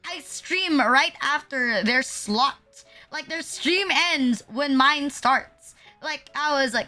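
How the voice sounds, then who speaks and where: A woman's voice: sits high, expressive, slow pace, sharp tone. A young woman from the Philippines chatting casually on a livestream, rambling and swearing, with lots of "like" in her talk. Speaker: VTuber streamer. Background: faint music.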